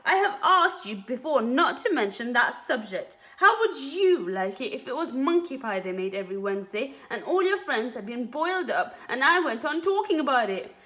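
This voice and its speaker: A woman's voice: high-pitched, very animated, normal speed, few pauses, bright, forceful tone, exaggerated voice. A woman voicing a fussy male bird who complains in a prim, indignant way. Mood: prim complaint.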